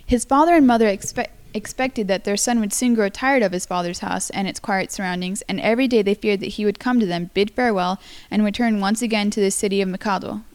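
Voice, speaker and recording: A woman's voice: mid-range voice, a little fast, hardly any pauses. A young woman reading a folktale aloud in a casual way, often stumbling over words and apologizing. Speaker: amateur story reader.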